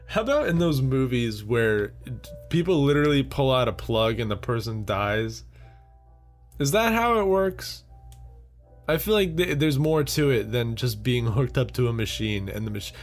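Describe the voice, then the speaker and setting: A man's voice: mid-range voice, lively intonation, measured pace, pauses often, soft background music. A young man hosting a solo podcast, rambling casually, laughing at his own jokes and swearing freely. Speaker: podcast host.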